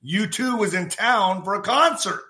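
A man hosting a podcast, telling a casual story in an animated way, acting out the quotes and swearing freely. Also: sits high, measured pace. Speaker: podcast host.

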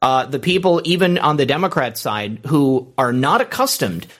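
A man's voice: medium pitch, very animated, normal speed, a bit bright. A man hosting a political talk show, delivering emphatic, opinionated commentary and often saying "okay" to drive points home. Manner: emphatic, repeats "okay" and "all right".

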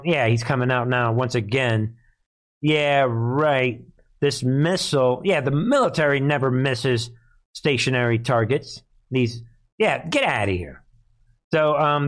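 A man hosting a live commentary stream, his voice sitting at an ordinary middle pitch. He talks in a sarcastic, scoffing way. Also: lively intonation, normal speed, a bit bright. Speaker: political commentary host.

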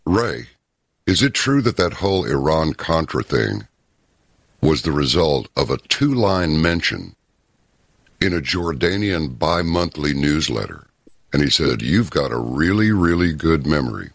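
A man talking as a guest in an interview, telling stories in an emphatic, deliberate way. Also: very deep voice, animated, fairly bright tone, no echo, clean studio sound. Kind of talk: casual interview talk.

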